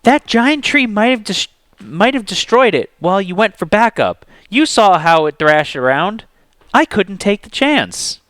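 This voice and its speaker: A man voicing a hot-tempered young woman adventurer, talking in a sharp, impatient way in a dramatic reading. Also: high voice, very animated, moderate pace, no room sound, voice pushed up. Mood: heated. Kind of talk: dramatic reading with character voices.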